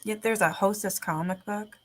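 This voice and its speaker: A woman's voice: mid-range voice, fairly even intonation, moderate pace. A woman chatting casually, rambling, swearing freely and laughing often. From Canada. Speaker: streamer. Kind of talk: casual chat.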